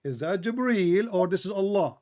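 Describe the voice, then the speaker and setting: Brief: male debate host, fairly high voice, combative and interrupting, hammers the same demand again and again. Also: expressive, moderate pace, warm tone. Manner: repeats demands insistently. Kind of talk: heated live debate.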